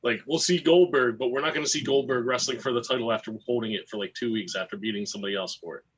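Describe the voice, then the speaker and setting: A man's voice: medium pitch, fast talker, fairly bright tone, husky. A man on a casual online panel, giving blunt opinions and swearing casually. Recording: dull lo-fi call audio.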